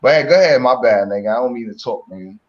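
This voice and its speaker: A man chatting casually about hip hop on a remote call, profane, loud and repetitive. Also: mid-range voice, expressive, very fast, dull audio, a crowd in the background. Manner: profane, loud and repetitive, ends lines with slang tags. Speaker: guest on a hip hop talk stream.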